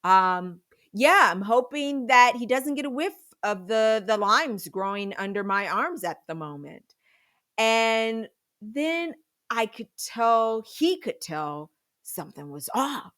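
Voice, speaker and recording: A woman, likely in her thirties, telling a comedic personal story on a podcast in a dramatic, animated way with sudden loud bursts. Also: a little high, takes it slowly.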